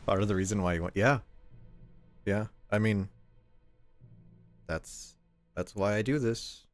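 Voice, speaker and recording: Faint music plays behind a young streamer who speaks in a fairly low voice at a measured pace. In casual chat, he wanders from thought to thought, repeating words and doing voices when quoting his family.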